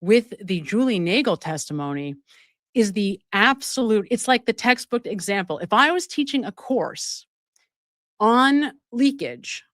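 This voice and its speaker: A woman hosting a true-crime commentary stream, her fairly high voice swinging widely in pitch as she presses her points. She keeps turning to viewers with rhetorical questions, and the sound is close and dry. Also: a bit bright, dry recording. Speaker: show host.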